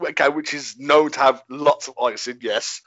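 A man's voice: mid-range voice, normal speed, fairly bright tone, no echo, lo-fi sound. A man co-hosting a casual chat, joking around and playing with silly accents. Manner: jokey, playful, trying out accents. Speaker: podcast co-host.

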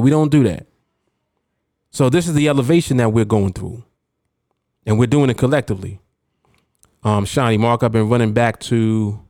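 A man's voice: medium pitch, a little mellow, dry recording, clean studio sound. A man hosting a podcast as a trading coach, talking casually and emphatically, reading out chat comments and laughing often.

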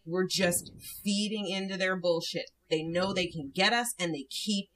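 A woman with a bright, forceful voice delivers an emphatic, preachy pep talk in casual podcast chat. She sounds a little distant from the mic, with faint noise behind her. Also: lowish voice, normal speed. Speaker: podcast co-host. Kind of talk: casual chat, motivational rant.

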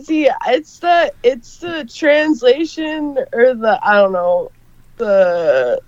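Woman podcast guest, higher voice, laughs easily at herself, lo-fi recording. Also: animated, slow, darkish tone, no echo. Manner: giggly, self-mocking. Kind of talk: casual podcast chat.

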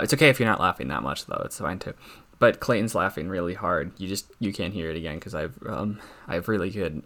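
A man's voice: on the low side, bright, forceful tone. Young guy doing awkward stand-up, stammers and restarts all the time, lots of ums. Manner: halting, stammering, full of fillers and restarts. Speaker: stand-up comic. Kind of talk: awkward deadpan stand-up act.

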